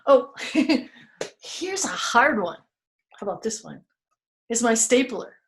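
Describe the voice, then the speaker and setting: A woman hosting a children's museum storytime lesson, playful and animated, making animal noises and sound words for young kids. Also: on the high side, slow, a little hiss or hum.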